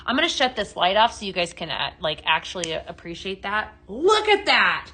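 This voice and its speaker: A woman's voice: medium pitch, big pitch swings, moderate pace, hardly any pauses, pushed and bright. A woman hosting a chatty live home-decor sales stream from her home, reading viewer comments aloud.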